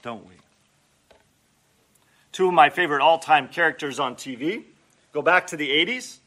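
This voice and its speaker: A male pastor preaching a sermon in an animated way, acting out prayers and dropping humorous asides. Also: a little high, normal speed, long pauses.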